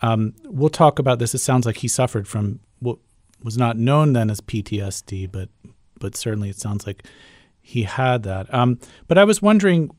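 A man's voice: mid-range voice, animated, moderate pace, no room sound, studio quality. A man interviewing a guest, asking questions in a curious, slightly hesitant way.

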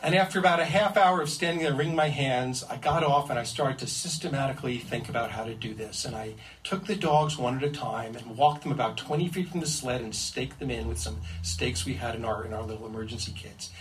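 A man telling a comic first-person adventure story in an animated, suspense-building way. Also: mid-range voice, fairly quick, few pauses, a little hiss or hum. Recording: distant mic with faint ambience.

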